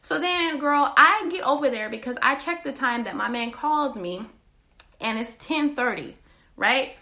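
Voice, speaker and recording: A woman hosting a podcast and telling a personal story in a blunt, profane, animated way. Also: sits high, a little slow. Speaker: podcast host. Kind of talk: candid storytelling monologue.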